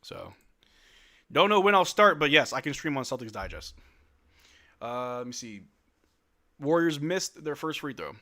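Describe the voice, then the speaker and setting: A man calling a game on a casual livestream, his voice bright and forceful and sitting a little high. He runs the play-by-play, reads chat questions aloud and answers them, and breaks into loud outbursts at big plays. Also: sing-song, a little slow, pauses often. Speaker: livestream host doing play-by-play. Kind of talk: casual watch-along commentary.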